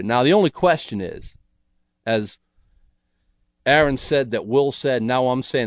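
A man's voice: medium pitch, lively intonation, normal speed, no room sound, highs cut off. An older man preaching a sermon in a folksy, earnest way with self-deprecating humor.

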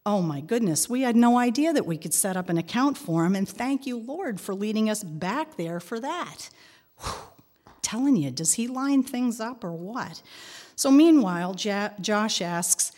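A middle-aged woman telling a personal story in a prayerful, expressive way, sometimes dropping to a whisper. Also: mid-range voice, measured pace, big-room sound. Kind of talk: devotional reflection and personal storytelling.

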